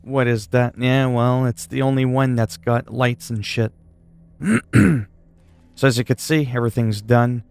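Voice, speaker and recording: Gravelly laid-back streamer guy. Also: medium pitch, unhurried, darkish tone, faint music behind. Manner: laid-back, swears casually, reads chat questions aloud. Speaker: livestreamer. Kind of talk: casual gaming livestream chat.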